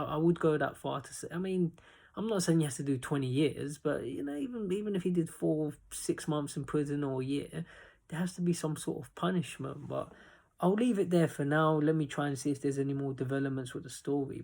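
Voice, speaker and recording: A man's voice: a little high, creaky, a little mellow. A man hosting a casual opinion vlog, rambling and indignant, often repeating himself. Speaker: commentary channel host.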